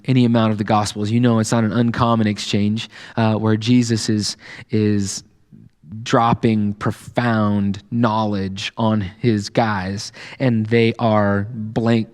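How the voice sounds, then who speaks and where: A man's voice: fairly low pitch, darkish tone, big-room sound. A man preaching a sermon, reading scripture and explaining it casually, with fillers and growing passion. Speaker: pastor. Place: church sanctuary.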